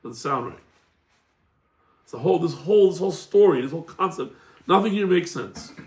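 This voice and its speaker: A man with a high-pitched voice teaches a casual class as a rabbi, retelling old stories with lively, animated delivery. He slips into voices for the people he describes. The sound bounces around an echoey room. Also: brisk. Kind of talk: casual Torah class with storytelling.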